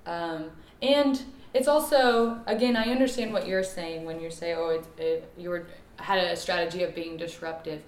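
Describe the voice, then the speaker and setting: A woman, an activist telling her story in an interview with emphatic, animated delivery. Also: fairly low pitch, normal speed, hardly any pauses, roomy sound.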